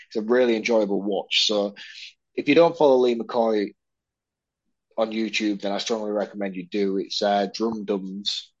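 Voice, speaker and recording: A man's voice: fairly low pitch, breathy edge, dry recording, highs cut off. A man co-hosting a podcast in casual chat, telling rambling, self-mocking stories. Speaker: podcast co-host.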